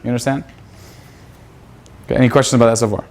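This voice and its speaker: A man's voice: medium pitch, little pitch movement, quick pace, a little mellow. A man teaching a seminar class in a crude, profane manner. He quizzes his students and acts out pickup lines. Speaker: seminar instructor.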